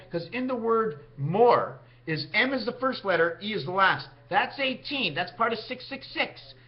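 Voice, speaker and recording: A man vlogging a rambling monologue, jumping from topic to topic with big swings in pitch. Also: muffled recording.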